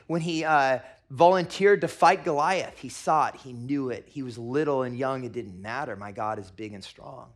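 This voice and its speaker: A middle-aged man, a pastor, preaching a sermon and telling stories, going from hushed to loud and excited. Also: mid-range voice, normal speed, few pauses. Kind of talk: sermon with storytelling.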